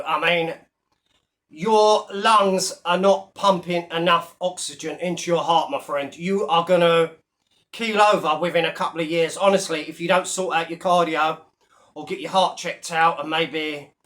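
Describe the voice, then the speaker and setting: A man's voice: high voice, a bit bright. A man vlogging with a blunt, mocking manner, a little out of breath after a workout, calling his viewer "mate". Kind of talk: casual talking-to-camera rant.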